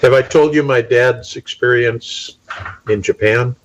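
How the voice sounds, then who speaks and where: A middle-aged man in casual conversation, telling stories in a measured, unhurried way. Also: mid-range voice, highs cut off, a little hiss or hum. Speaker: talk show participant. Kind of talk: casual chat.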